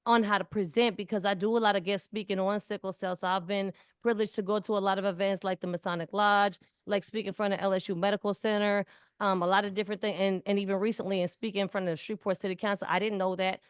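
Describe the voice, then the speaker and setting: A woman's voice: medium pitch, flat delivery, fast, clear, resonant tone, no room sound, studio quality. A woman in her forties, talking in an earnest, emphatic way in casual conversation and often repeating words. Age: 40s. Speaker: community speaker.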